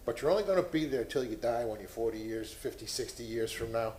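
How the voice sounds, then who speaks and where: A man's voice: mid-range voice, expressive, fast talker, darkish tone, echoey room, a little hiss or hum, poor audio. Impassioned man at a board meeting. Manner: impassioned, preachy. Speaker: board member. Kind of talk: public meeting remarks. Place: city meeting room.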